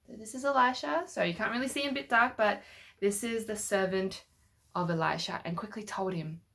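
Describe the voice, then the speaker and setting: A woman's voice: medium pitch, moderate pace, vocal fry, a bit bright. A woman telling a Bible story to children with toy figures, patiently asking them questions as she goes. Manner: patient, asks the listener questions.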